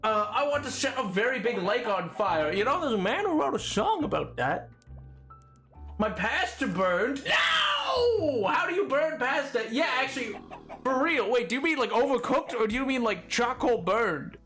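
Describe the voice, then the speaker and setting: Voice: mid-range voice, sing-song, moderate pace, a bit bright, faint music behind. A streamer chatting casually while gaming, playful and rambling, joking with old-timey slang and fancy words. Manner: laughs often, rambles.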